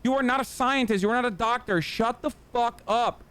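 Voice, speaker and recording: A man's voice: very high voice, a little fast, a bit bright, smooth. An American man hosting a livestream, ranting sarcastically and with heavy profanity. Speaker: livestream host. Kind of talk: ranting commentary on a gaming stream.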